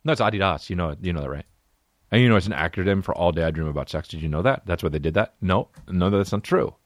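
A man's voice: deep voice, animated, quick pace, no echo. A man hosting a solo comedy podcast, ranting and riffing with profane, exaggerated stories. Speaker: podcast host.

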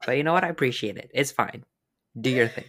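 Casual co-host, mid-pitched, sarcastic and teasing, blunt delivery. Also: animated, fast talker, a bit bright. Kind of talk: casual chat.

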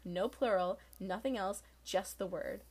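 A woman's voice: medium pitch, a little slow, a little mellow, husky. A young woman co-hosting a podcast, chatting casually about a book with exasperated, sarcastic comments. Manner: exasperated, sarcastic, laughs often. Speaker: podcast co-host. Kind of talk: casual book-discussion chat.

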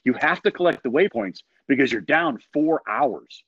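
Patient male race official explaining rules, slightly low and soft, as a storyteller puts him on, dull dry sound. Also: expressive, normal speed, breathy edge, no room sound.

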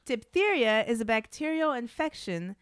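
A woman's voice: on the high side, very animated, moderate pace, smooth, no echo, clean studio sound. A woman co-hosting a podcast, narrating a true-crime case in a blunt, matter-of-fact way between casual chat.

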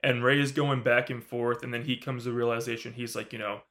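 A man co-hosting a podcast, recapping a horror film in casual, animated talk, swearing often and acting out the characters' lines. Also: mid-range voice, fast talker, hardly any pauses. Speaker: podcast co-host. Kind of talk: casual movie review recap.

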